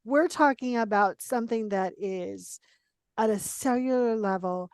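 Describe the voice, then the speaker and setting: A woman hosting a casual conversation, talking in an animated, emphatic and playfully blunt way. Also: medium pitch, unhurried, smooth, dry recording. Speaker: podcast host.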